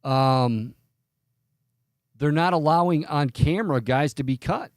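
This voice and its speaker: A man's voice: fairly high pitch, measured pace, no room sound, studio quality. A man hosting a sports radio talk show, rambling and opinionated, often cutting himself off mid-sentence. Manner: rambling, self-interrupting, opinionated. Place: radio studio.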